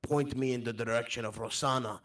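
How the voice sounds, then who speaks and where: A man's voice: mid-range voice, fairly even intonation, fairly bright tone, natural voice. Give me a man as an earnest traveling mage who talks in stiff, broken phrases during a tabletop game. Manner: halting formal speech, drops articles. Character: earnest male traveler mage, formal and friendly. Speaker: player. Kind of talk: tabletop role-play.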